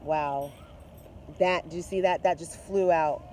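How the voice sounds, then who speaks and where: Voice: medium pitch, fairly even intonation, unhurried, darkish tone, slight background noise. A tarot reader chatting to viewers while reading the cards, effusive and direct, mixing spiritual talk with slang and swearing. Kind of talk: casual tarot reading to camera.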